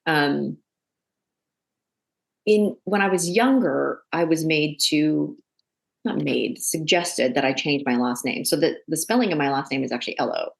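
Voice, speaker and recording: Low gravelly woman, chatty guest, tells stories and does quick voices. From Canada. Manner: chatty, animated storytelling with quoted voices. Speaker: actor and director, guest. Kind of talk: casual interview.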